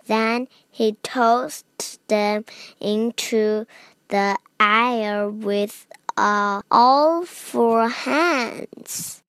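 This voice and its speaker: A woman reads an English picture book aloud for children, taking each phrase very slowly and with care. Her voice sits a little high and is recorded close and dry. Her first language is Chinese. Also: a bit bright, clear, resonant tone, dry recording. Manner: careful, deliberate reading. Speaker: storybook reader, host.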